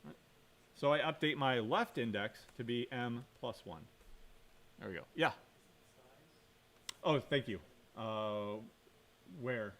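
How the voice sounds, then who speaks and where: A man's voice: mid-range voice, takes it slowly, long pauses, a bit bright. A man giving a computer science lecture while coding, thinking aloud, quizzing the class and correcting himself.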